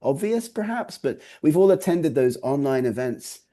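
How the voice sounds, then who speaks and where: A man's voice: fairly high pitch, big pitch swings, moderate pace, mellow. A man co-presenting a webinar over a video call, giving emphatic, instructive presentation tips and repeating his key points. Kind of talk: presentation training talk.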